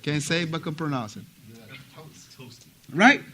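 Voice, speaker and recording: In a mosque, a man from Africa teaches a class in a high, very bright voice. His lecturing is animated and repetitive, and he checks on his students with quick questions.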